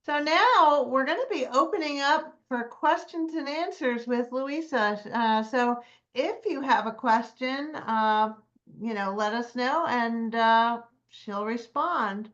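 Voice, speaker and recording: A woman hosting an online meeting Q&A, relaxed and informal. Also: on the high side, slow pace. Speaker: meeting host. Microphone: video call. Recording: dull, muffled video call audio.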